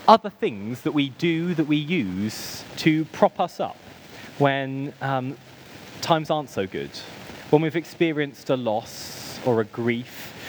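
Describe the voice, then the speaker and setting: A British man preaching in a church, telling personal stories with gentle self-mockery and lots of ums. His voice sits a little high and rises and falls freely. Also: a little hiss or hum, rough recording. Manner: self-deprecating, storytelling with humorous asides and frequent ums. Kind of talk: sermon.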